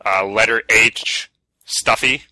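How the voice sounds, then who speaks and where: A man's voice: on the low side, steady tone, slow pace, bright, forceful tone, a little hiss or hum, low-quality recording. A man hosting a casual podcast, easygoing and laughing often as he reads out listener submissions. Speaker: podcast host.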